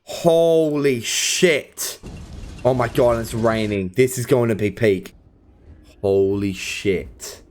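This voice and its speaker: A man hosting a movie reaction video, excitable and swearing often, breaking into laughter and shouts. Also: mid-range voice, slow pace. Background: film soundtrack music playing.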